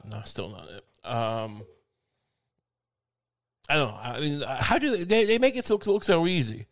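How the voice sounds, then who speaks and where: A man's voice: medium pitch, lively intonation, measured pace. A man doing a rambling, profane comic monologue, ranting and drifting from one subject to the next.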